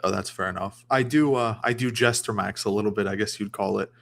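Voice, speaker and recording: A man's voice: fairly low pitch, a little fast, vocal fry, fairly bright tone. A man chatting casually as a guest on a livestream, rambling with many restarts. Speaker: guest streamer.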